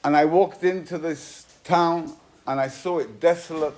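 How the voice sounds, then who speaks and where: His voice is on the high side, with a steady tone and unhurried delivery. As a rabbi giving a Torah class sermon, he narrates a story emphatically, swinging from loud to soft while mixing Hebrew and Yiddish vocabulary into his English.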